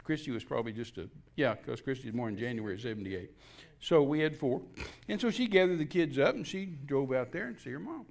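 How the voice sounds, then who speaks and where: An older guest minister from Texas gives a folksy personal testimony in a medium-pitched, gravelly voice, talking quickly with few pauses. He animatedly acts out the dialogue and restarts himself repetitively.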